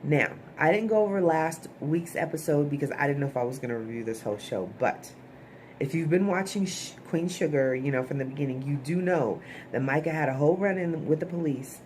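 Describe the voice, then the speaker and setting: A woman's voice: deep voice, lively intonation, a little fast, a little mellow, a little hiss or hum. A woman giving a casual, chatty recap of a TV episode to her viewers, often checking in with "okay?" asides. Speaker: TV show reviewer.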